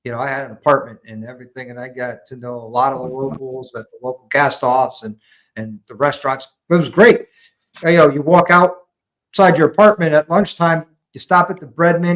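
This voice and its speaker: Higher-pitched American army veteran, earnest. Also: male voice, a bit bright, rough recording. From United States. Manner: earnest, storytelling. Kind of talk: casual chat. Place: garage at home.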